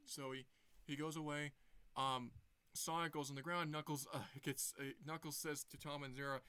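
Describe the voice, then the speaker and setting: A man's voice: on the high side, flat delivery, moderate pace, bright, forceful tone, clear, resonant tone. A young man casually retelling a movie plot for his review, rambling with lots of restarts. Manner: rambling, many fillers and restarts.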